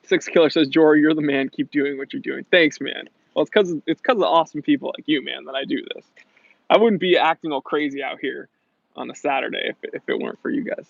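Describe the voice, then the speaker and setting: Gravelly-voiced chatty man. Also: fairly high pitch, fast talker, dry recording, dull audio. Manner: playful, chatty, reads comments aloud. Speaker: watch channel host. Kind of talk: casual livestream Q&A. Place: Los Angeles.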